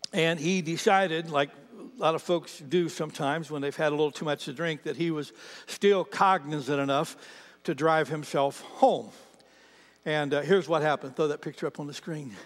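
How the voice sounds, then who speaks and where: A man preaching a sermon as a pastor, an animated storyteller who acts out the people in his stories. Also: on the high side. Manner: animated storyteller, quotes others in his own voice. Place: church sanctuary. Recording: long hall reverb.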